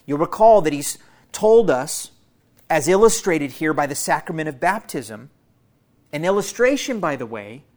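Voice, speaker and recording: A man's voice: fairly high pitch, very animated, moderate pace, darkish tone. A man preaching a sermon to his church in an earnest, teaching manner, repeating key phrases for emphasis and speaking to listeners as family. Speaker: pastor.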